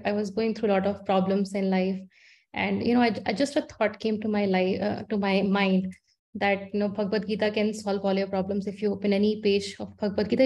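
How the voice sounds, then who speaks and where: Earnest woman, flat mellow voice. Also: mid-range voice. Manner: earnest, reflective, hesitant fillers. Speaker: student.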